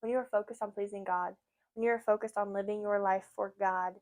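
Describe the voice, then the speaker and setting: A woman's voice: medium pitch, fairly even intonation, a little fast. A woman hosting a podcast, sharing her faith in an earnest, emotional, chatty way with lots of fillers. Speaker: podcast host. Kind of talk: casual faith talk.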